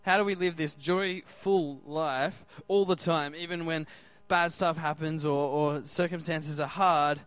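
A man's voice: fairly high pitch, steady tone, unhurried, few pauses, fairly bright tone, no echo. A man preaching a sermon in an upbeat way, often asking the crowd questions.

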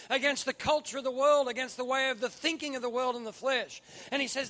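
A man preaching a sermon, swinging from quiet asides to loud emphatic bursts. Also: extremely high pitch, normal speed, hardly any pauses. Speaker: pastor.

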